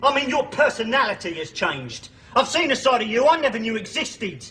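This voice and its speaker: A man's voice: very high voice, big pitch swings, a little fast, bright, forceful tone, full character voice. An actor playing an earnest younger brother, reproaching his older brother in a TV sitcom scene. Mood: reproachful. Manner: reproachful, indignant. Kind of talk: TV sitcom drama.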